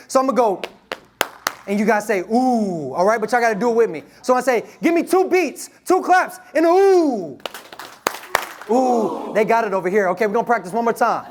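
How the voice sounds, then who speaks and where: A young man in his twenties from Detroit giving a live motivational talk, energetic and playful, leading the audience in call-and-response. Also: extremely high pitch. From Detroit, USA. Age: 20s. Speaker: motivational speaker. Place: event room with a live audience. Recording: live room recording with crowd and noise.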